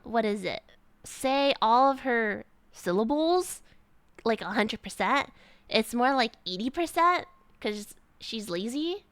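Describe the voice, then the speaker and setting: A woman's voice: sits high, fairly bright tone, no room sound. A young woman streamer chatting casually with her live chat, rambling with lots of "like" and restarts.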